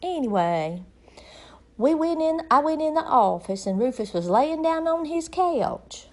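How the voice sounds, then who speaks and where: A middle-aged woman spins a rambling, chatty comic tale, her voice sitting a little high. She talks in a folksy, easygoing way, as if chatting with friends. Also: very animated, a little slow. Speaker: storyteller. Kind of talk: casual comedic storytelling monologue.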